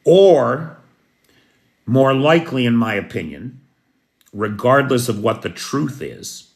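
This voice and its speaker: A gravelly-voiced American man, middle-aged, who gives blunt, unscripted news commentary. He poses rhetorical questions and does not soften his opinions. His pitch sits in a typical male range. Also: expressive, slow pace. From United States.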